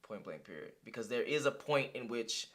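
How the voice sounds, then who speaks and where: A man's voice: medium pitch, lively intonation, normal speed, a bit bright. Heated, profane young man reacting to a clip. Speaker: reaction streamer. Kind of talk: casual reaction commentary.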